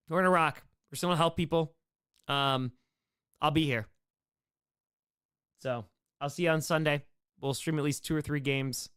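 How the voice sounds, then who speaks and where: Hosting a relaxed live-stream Q&A, a man with a fairly high, fairly bright, clean voice answers questions from chat. He's upbeat and rambling, names viewers as he thanks them, and sounds slightly worn from hours of talking.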